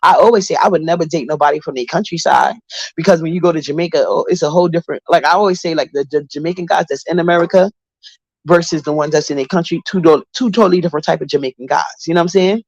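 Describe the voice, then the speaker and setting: Streaming from her Brooklyn, New York apartment, a woman hosts a casual livestream, bluntly dishing gossip, swearing, and greeting viewers by name. Her low, darkish voice runs very fast, with no room sound.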